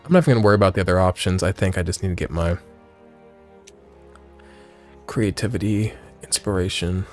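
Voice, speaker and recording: A man giving excitable, jokey let's play commentary, thinking out loud as he plays. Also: sits low, racing, soft background music. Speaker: gaming streamer.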